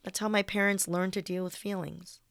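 A young woman reads her own personal essay aloud, candid and wry, now and then swearing. Her voice sits at a middle pitch. The recording is dry and close, with no room sound. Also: level tone, normal speed, gravelly, smooth, dry recording.

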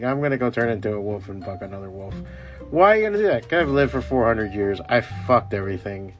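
A man hosting a podcast, ranting in a rambling, heavily profane way and laughing at his own jokes. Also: fairly low pitch. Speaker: podcast host. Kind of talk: profane solo podcast rant.

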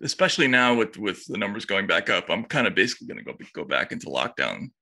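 A man from Boston co-hosting a casual commentary chat, halting and restarting as he talks. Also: on the low side, very animated, creaky, bright, forceful tone. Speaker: co-host.

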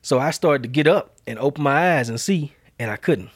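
A man hosting a podcast, telling a story in a lively, slang-heavy way and acting out the quotes. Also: mid-range voice, fairly quick, slightly rough, dry recording, clean studio sound. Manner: animated, slangy storyteller who acts out quotes. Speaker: podcast host. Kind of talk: casual storytelling chat.

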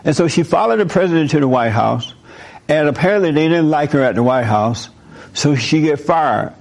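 A man's voice: on the high side, moderate pace, vocal fry. A man hosting a live talk, delivering a preachy monologue and asking the room questions. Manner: animated, asks the audience questions. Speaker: host speaking to a live audience.

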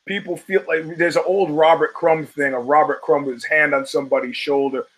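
A man's voice: on the high side, steady tone, brisk, a bit bright, rough recording. A man hosting a solo podcast, talking in a wry, profane, digressive way with emphatic punches. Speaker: podcast host.

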